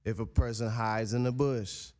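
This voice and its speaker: A male musician telling stories in a casual interview, animated, acting out other people's lines. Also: medium pitch, normal speed. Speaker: musician guest.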